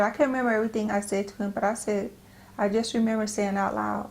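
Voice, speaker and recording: A middle-aged woman from the United States giving a personal devotional talk. She speaks earnestly and gently, often halting and repeating phrases as she goes. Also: medium pitch, little pitch movement. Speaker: Christian speaker.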